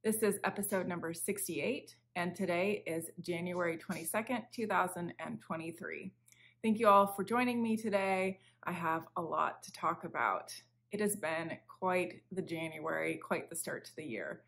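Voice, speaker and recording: A woman's voice: fairly low pitch, moderate pace, gravelly, fairly bright tone. A woman hosting a crafting podcast from home, chatting casually and rambling a little, with a slightly sick voice. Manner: chatty, rambling, self-interrupting. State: recovering from illness, a bit sick. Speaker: podcast host. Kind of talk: casual chat. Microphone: camera for a video podcast.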